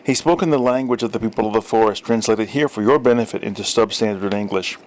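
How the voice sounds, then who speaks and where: A man's voice: on the low side, fairly even intonation, fast talker, hardly any pauses. Wry man reading a story. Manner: wry, dry storytelling with small self-corrections. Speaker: story reader. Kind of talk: audiobook narration.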